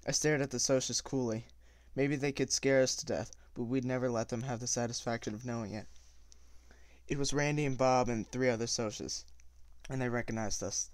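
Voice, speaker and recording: A man's voice: medium pitch, moderate pace, no room sound. Guy reading a book aloud, small slips, dry close sound. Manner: steady reading with small slips and self-corrections. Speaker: audiobook reader.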